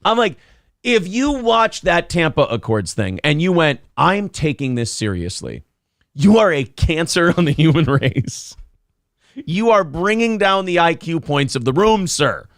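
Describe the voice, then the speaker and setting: A man co-hosting a casual podcast, ranting sarcastically and mocking his critics in shouted put-on voices. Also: fairly high pitch, very animated, a little slow, dry recording, studio quality. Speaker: podcast co-host. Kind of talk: casual profane banter.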